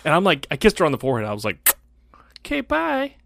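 40s guy telling a story on a podcast, animated, swears a lot, voice jumps around a lot, dry room. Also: medium pitch, very fast, no room sound. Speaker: podcast co-host. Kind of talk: casual storytelling chat.

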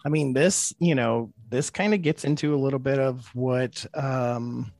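A man co-hosting a podcast in casual chat, reacting quickly and talking things through. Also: medium pitch, darkish tone, no room sound.

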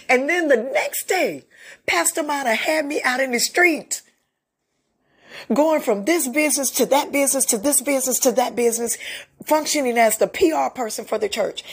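A woman's voice: on the high side, expressive, moderate pace, slightly rough. A middle-aged woman hosting a podcast, telling a personal story in a candid, emotional way and laughing often. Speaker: podcast host.

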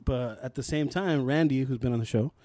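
A man's voice: medium pitch, a little fast, dark tone, dry recording. Laughing young man telling a story. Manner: laughing storyteller, swears freely. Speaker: podcast co-host. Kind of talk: casual chat.

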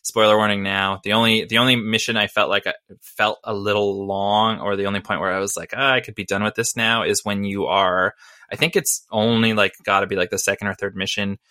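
A man's voice: on the low side, flat delivery, brisk, pushed and bright, no echo, studio quality. A man co-hosting a casual podcast chat about video games, rambling with lots of fillers and little laughs. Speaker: podcast co-host.

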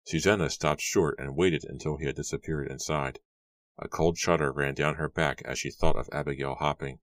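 A man with an extremely deep, low voice reads a story aloud as an audiobook narrator. He tells it in a steady, measured way, and the recording is close and dry with no room sound. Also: no echo. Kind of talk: scripted narration.

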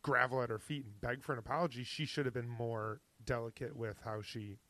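Male podcast co-host, mid-pitch, halting and opinionated, dry close mic. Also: fairly even intonation, bright, forceful tone, dry recording. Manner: halting, many fillers and restarts, opinionated. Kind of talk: casual chat recapping a TV show.

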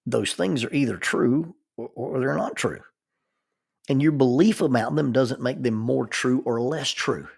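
A man's voice: medium pitch, a little slow, gravelly, a little mellow, husky, dry recording, clean studio sound. An American man, a counselor and minister, telling a personal story in a casual, rambling way and often repeating words as he thinks aloud. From United States.

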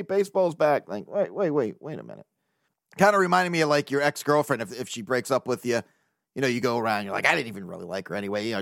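A man hosting a sports podcast alone, talking casually in an excitable, rambling way with plenty of swearing. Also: a little high, no echo, studio quality. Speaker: baseball podcast host. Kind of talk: casual solo monologue.

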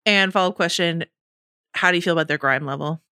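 A woman co-hosting a podcast in casual chat, animated and quick with playful counterpoints. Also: fairly low pitch, clean tone, no echo, studio quality. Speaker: podcast co-host.

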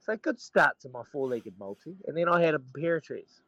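A sports radio regular calls in remotely from a holiday resort abroad, telling a story in casual banter and often laughing mid-sentence. His voice is a little high and bright with big pitch swings, brisk, in a dry, lo-fi recording.

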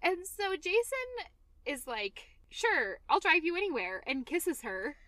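A woman's voice: extremely high pitch, sing-song, measured pace, sharp tone, slight background noise. A young woman co-hosting a podcast, playfully recapping a TV show from her notes and laughing often. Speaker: podcast co-host. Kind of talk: casual chat recapping a TV show.

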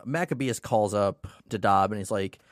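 A man's voice: on the low side, normal speed, no room sound, clean studio sound. A man chatting casually as a podcast co-host, recapping a story, swearing now and then and acting out characters' lines. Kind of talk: casual chat.

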